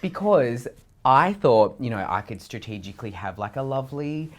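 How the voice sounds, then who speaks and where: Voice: medium pitch, brisk. Laughing guest telling a story. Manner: animated, laughing storyteller who acts out her own past thoughts. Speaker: talk show guest. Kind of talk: casual chat, telling an anecdote.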